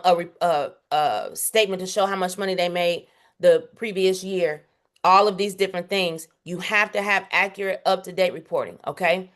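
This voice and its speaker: A woman's voice: mid-range voice, fairly bright tone. A woman teaching a bookkeeping workshop in a direct, casual, emphatic way, often checking in with "okay?". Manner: casual, direct, uses slang. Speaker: bookkeeping instructor.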